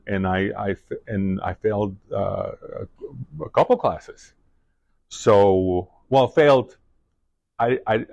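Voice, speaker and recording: Halting middle-aged man telling his story. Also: fairly low pitch, gravelly, a little mellow, no room sound. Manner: halting, many restarts and fillers. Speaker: guest speaker. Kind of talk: personal story told to a class.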